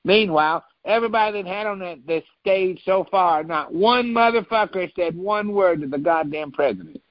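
A man's voice: sits high, moderate pace, no room sound. Rambling, mocking man on a lo-fi line. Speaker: guest commentator. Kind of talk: casual political chat. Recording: dull lo-fi dry audio.

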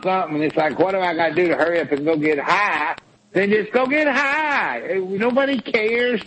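A man with a fairly high voice delivers a blunt, profane lecture on a talk show. He scolds and hammers his points home with emphasis. A faint hiss of noise sits under the recording. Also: low-quality recording. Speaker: co-host. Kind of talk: blunt tough-love talk show rant.

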